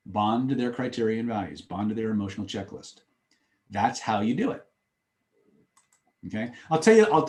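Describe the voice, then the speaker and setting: A man giving a live seminar on influence, telling stories in an emphatic, repetitive way. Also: mid-range voice. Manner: animated, emphatic, repetitive phrasing. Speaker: influence trainer. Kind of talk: live seminar talk with storytelling. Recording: echoey room.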